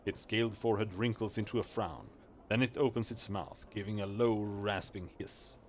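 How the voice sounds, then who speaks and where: Guy streaming, reading game text fast, lowish voice, trips over words sometimes. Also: slight background noise. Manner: quick reading with stumbles and restarts. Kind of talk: reading a video game aloud.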